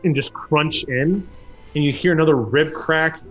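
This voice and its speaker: A man narrating a tabletop game as game master, who breaks into loud, high voices for the characters. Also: unhurried, faint music behind. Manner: lively, acts out characters with loud jumps in pitch.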